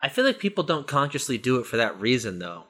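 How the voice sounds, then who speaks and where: A man with a mid-pitched voice chatting on a podcast. He tells stories with lively energy and swears freely. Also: fast, breathy edge. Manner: animated storyteller, swears freely. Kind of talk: casual chat.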